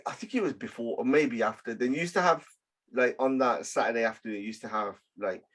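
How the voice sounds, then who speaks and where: A man's voice: medium pitch, fairly quick, a bit bright. Co-host: man with a mid-range voice, rambling and hesitant, casual podcast chat. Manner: rambling, hesitant, lots of fillers.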